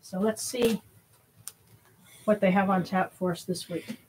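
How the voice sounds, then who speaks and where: A woman with a medium-pitched, steady voice speaks a little slowly over some background noise. She's hosting a spiritual livestream, chatting casually and slightly out of breath, rambling along with lots of fillers and restarts.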